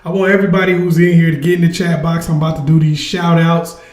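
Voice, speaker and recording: A man's voice: fairly high pitch, little pitch movement, fast talker, reverberant. A man hosting a casual livestream, energetically urging his viewers to join in. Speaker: livestream host. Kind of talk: casual live chat with viewers.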